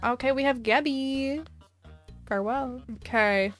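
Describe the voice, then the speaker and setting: Chatty young woman gaming with soft music. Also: high-pitched, a little slow. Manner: chatty and expressive, squeals and laughs at good luck. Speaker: gaming video creator. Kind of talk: casual gaming commentary. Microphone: headset or desk mic.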